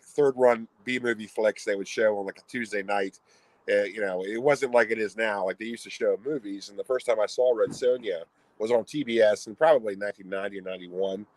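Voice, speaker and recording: A man's voice: fairly low pitch, no echo, low-quality recording. A man co-hosting a casual stream about collecting, talking bluntly and opinionatedly, often restarting his sentences. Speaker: co-host of a video collecting stream. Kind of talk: casual chat.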